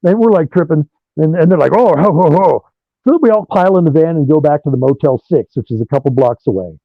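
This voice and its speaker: A man, a rock guitarist being interviewed over a remote call, telling animated stories and swearing freely. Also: fairly high pitch, quick pace, dry recording. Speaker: guitarist guest. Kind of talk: profane storytelling interview. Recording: dull lo-fi dry sound.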